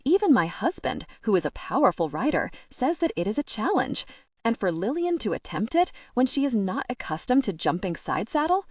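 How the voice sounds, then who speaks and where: A woman voicing a caring young married woman who speaks smoothly and measuredly. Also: a little high, sing-song, normal speed, no room sound, clean studio sound, recorded from a distance. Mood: concerned.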